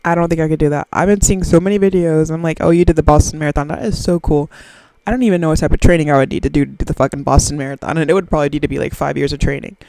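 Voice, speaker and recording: A woman's voice: low voice, fairly even intonation, racing, hardly any pauses, warm tone, slight background noise, low-quality recording. Rambling woman in her twenties. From Southern US. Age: 20s. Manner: rambling, profane, self-mocking. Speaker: podcast host. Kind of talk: casual solo podcast chat. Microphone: very close to the microphone.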